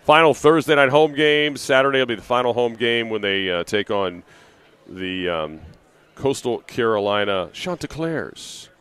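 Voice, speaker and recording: A man's voice: mid-range voice, moderate pace, a bit bright, smooth. Rambling man hosting live sports radio. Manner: conversational, rambling with fillers and restarts. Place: live broadcast from an arena.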